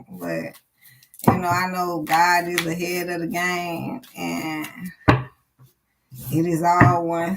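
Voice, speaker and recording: A woman's voice: on the low side, slow pace, vocal fry, noisy background. Blunt, profane woman reading tarot live. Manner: blunt, profane, animated, chatty with viewers. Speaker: tarot reader. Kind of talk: live-streamed tarot reading, casual talk to chat.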